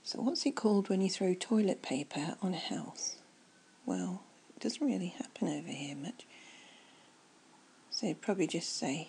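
A woman doing a whispered ASMR chat, soft and rambling as she muses aloud. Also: fairly low pitch, animated, normal speed, gravelly, husky, rough recording.

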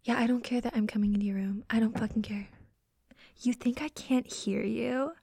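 A woman's voice: on the high side, fairly even intonation, creaky, warm tone, slightly rough. A woman playing a scornful, domineering young woman in a whispered role-play, harsh and mocking. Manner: harsh, mocking, profane, slow taunting.

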